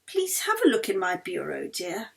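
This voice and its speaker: A woman voicing a gracious, gentle older baroness who lives in pain, speaking politely. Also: on the low side, wildly swooping pitch, moderate pace, gravelly, full character voice.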